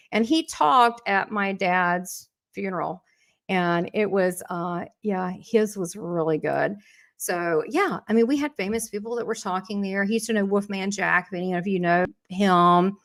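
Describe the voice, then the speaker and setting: A woman's voice: medium pitch, unhurried. Chatty woman teaching a spiritual lesson. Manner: rambling and conversational, with frequent restarts and asides; encouraging, motivational.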